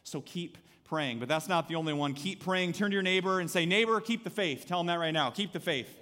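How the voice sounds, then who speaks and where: A male pastor preaching to his congregation in a church sanctuary, his somewhat high voice ringing with the long reverb of a large hall. He talks conversationally, dropping to soft asides and then rising to emphatic calls. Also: brisk. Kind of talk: sermon.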